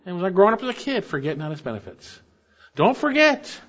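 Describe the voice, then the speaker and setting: A man's voice: on the high side, sing-song, fast, a bit bright, muffled recording. A male pastor preaching a sermon, repeating key phrases and putting questions to the congregation.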